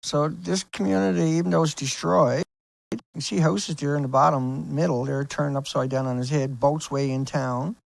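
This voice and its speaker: Gravelly guy ranting thru pics on screen, keeps asking right? see?, dry close sound. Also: on the high side, fairly even intonation, moderate pace, no echo. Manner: rambling, insistent, rhetorical questions. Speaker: video host. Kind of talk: casual explainer over screen pictures.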